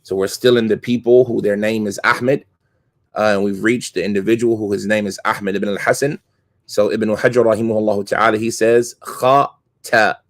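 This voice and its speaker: A man teaching a mosque class on hadith scholars, reading Arabic passages quickly and explaining terms as he thinks aloud. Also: fairly low pitch, little pitch movement, no room sound, studio quality.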